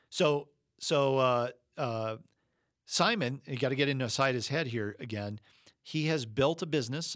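A man preaching in an easy, conversational way, pressing his points with emphasis between frequent ums and restarts. His voice sits at a middling pitch, and the recording is dry with no room echo. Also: a bit bright. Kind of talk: sermon-style Bible teaching.

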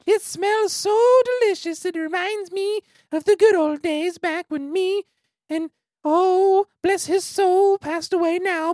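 A sweet little old lady who bakes pies for the children, chattering slowly and fondly about days gone by, as a man does her voice. Her voice sits far above a normal speaking pitch and drifts along unhurried. It is recorded dry and close, with no room echo. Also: darkish tone. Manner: doting, rambling and nostalgic. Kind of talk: storytelling character voice.

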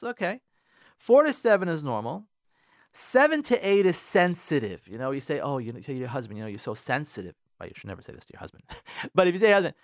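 A man hosting a radio advice show, lecturing listeners in a casual, animated way, repeating phrases and acting out what spouses say. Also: high-pitched, dry recording, studio quality. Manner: animated, repeats himself, acts out spouses' complaints. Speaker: radio show host giving relationship advice.

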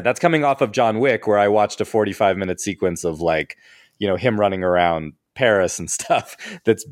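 A man co-hosts a casual film podcast, listing criticisms in a steady, critical way. His voice is very deep, recorded dry and close. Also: dry recording. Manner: critical, listing complaints, quick agreeing.

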